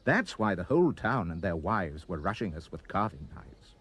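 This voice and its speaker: Husky man reading a rhyming poem. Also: deep voice, normal speed. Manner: expressive, sing-song rhyming delivery. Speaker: reader.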